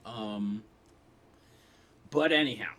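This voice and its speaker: A man rambling through a jokey casual monologue, coughing often and breaking into sudden loud outbursts. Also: lowish voice, slow. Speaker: vlogger. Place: Los Angeles.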